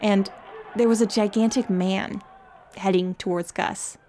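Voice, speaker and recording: A woman host giving measured, scripted story narration. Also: medium pitch, steady tone, warm tone, slight background noise. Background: music score.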